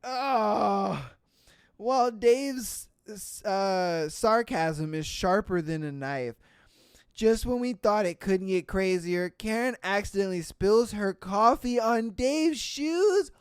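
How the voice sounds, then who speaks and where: A podcast host reading reddit stories, who keeps cutting in with swearing, laughter and loud exclamations. The voice is smooth and crisp, with an unhurried delivery. It is recorded close on a podcast mic in a dry room. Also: mid-range voice, lively intonation, no echo. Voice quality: profane, exclamatory, laughs often.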